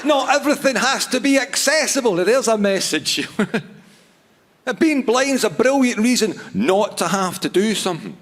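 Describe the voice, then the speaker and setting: Man, stand-up comic, self-mocking, restarts a lot, lively swooping pitch, theatre reverb. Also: slight background noise. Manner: halting, self-mocking delivery with repeated restarts. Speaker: stand-up comedian. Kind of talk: stand-up comedy set. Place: large theatre stage before a live audience.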